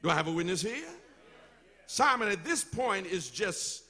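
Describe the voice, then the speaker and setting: Lively, bright-voiced preacher man. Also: high voice, normal speed. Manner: animated storytelling preaching with call-and-response. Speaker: pastor. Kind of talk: sermon. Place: church.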